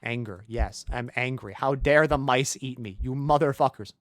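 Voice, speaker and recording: A man streaming a video game, reading its text aloud in a low mutter and breaking into rambling, jokey asides full of "like". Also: moderate pace, a bit bright, a little hiss or hum. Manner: jokey, irreverent, swears.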